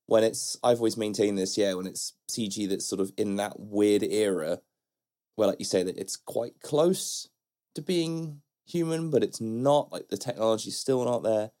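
A man co-hosting a podcast, telling stories in a relaxed, conversational way. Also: lowish voice, moderate pace. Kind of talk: casual chat.

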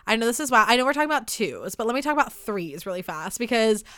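A woman's voice: on the high side, very animated, fast, pushed and bright, clear, resonant tone, dry recording, clean studio sound. A woman in her late twenties hosting a casual solo podcast, candid and rambling and swearing freely, her throat irritated by allergies. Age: late 20s. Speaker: podcast host.

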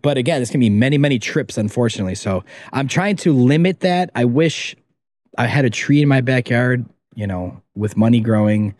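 A man's voice: mid-range voice, lively intonation, brisk, a little mellow, no room sound. A man who makes documentaries, a guest on a casual podcast interview, talking in an emphatic, rambling way and swearing freely.

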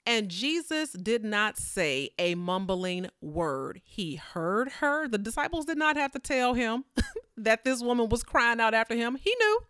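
A woman preaching a sermon in a conversational, animated way, acting out the people in the story with playful voices. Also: on the high side, measured pace, clean tone, no room sound, studio quality.

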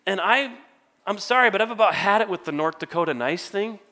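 A man's voice: high-pitched, lively intonation, a little fast, pushed and bright. A male worship pastor preaching to a church congregation in a conversational, storytelling way with self-deprecating humor. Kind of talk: sermon.

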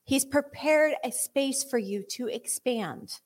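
A woman's voice: high-pitched, slow. A woman preaching to a church congregation, then leading them in fervent, exhorting prayer. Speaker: worship leader. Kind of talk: sermon and spoken prayer. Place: church sanctuary.

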